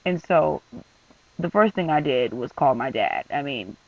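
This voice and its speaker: A man's voice: medium pitch, lively intonation, a little slow, vocal fry, no room sound, distant mic, highs cut off. A young man venting in a vlog, rambling and exasperated with lots of fillers. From San Francisco Bay Area. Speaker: vlogger.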